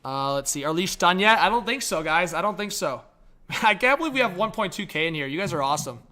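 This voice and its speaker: A man live-streaming reaction commentary who chats to viewers and his dog, and swings between mumbling and shouting. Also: sits high, animated, quick pace.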